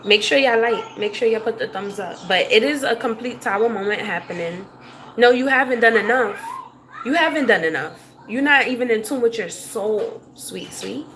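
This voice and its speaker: A woman's voice: fairly high pitch, normal speed, fairly bright tone. Profane woman ranting on a livestream, noisy. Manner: blunt and profane, laughs often. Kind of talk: casual livestream rant to chat.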